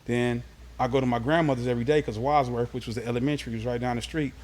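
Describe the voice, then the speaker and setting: A man's voice: medium pitch, quick pace, slight background noise. A man from Los Angeles, a guest in an interview, telling stories of his youth in a casual, streetwise way. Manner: animated, streetwise storytelling.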